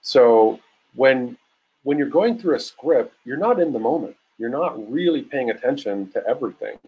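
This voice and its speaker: A man in his forties giving a casual webinar talk as a real estate coach, acting out phone calls in a lively way. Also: medium pitch, normal speed, slightly rough, narrow, tinny audio. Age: 40s. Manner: casual, animated, acts out calls.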